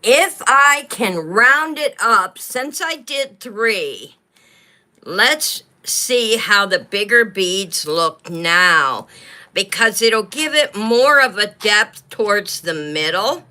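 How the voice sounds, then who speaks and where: A woman hosts a craft livestream with a bright, clear voice, talking slowly as she beads. She speaks chattily to her viewers and has the hiccups. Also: medium pitch, lively intonation. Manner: chatty, talks to viewers while beading. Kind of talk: casual livestream craft talk.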